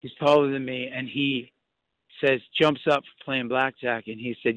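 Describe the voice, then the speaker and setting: A young man calling in by phone, retelling a frightening night in halting, restart-filled speech. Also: medium pitch, fairly even intonation, fairly bright tone, no room sound. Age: young adult. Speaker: phone-in guest. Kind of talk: emotional first-hand account. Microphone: phone call. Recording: muffled phone line.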